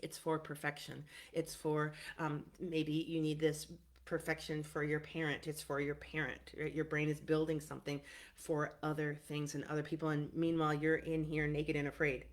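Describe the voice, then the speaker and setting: A middle-aged woman therapist teaching in a casual, animated way, often checking in with "right?" and filling pauses with "um". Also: sits low. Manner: animated and emphatic, frequent "right?" and "um".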